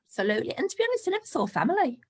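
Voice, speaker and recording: A woman's voice: high-pitched, big pitch swings, very fast. A woman in her sixties, a guest on a podcast interview, talking in a chatty and frank way and laughing between points. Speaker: guest, property investor.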